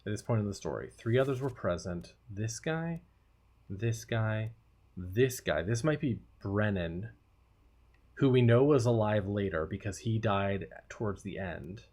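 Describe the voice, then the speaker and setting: A man's voice: fairly low pitch, lively intonation, a little slow, a little mellow. A man streaming a video game, thinking aloud and musing in casual commentary.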